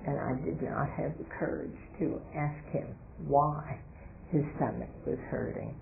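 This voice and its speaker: An older woman giving a public talk at a hotel event, telling stories in a slow, deliberate, reflective way. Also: low-pitched, gravelly, narrow, tinny audio, slight background noise. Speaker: guest speaker, radio host. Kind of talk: public talk with audience questions.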